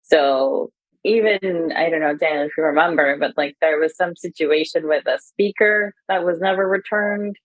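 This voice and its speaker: A woman guest in a conversational interview, candidly retelling events with many fillers and animated quotes. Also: low-pitched, moderate pace, no room sound, low-quality recording.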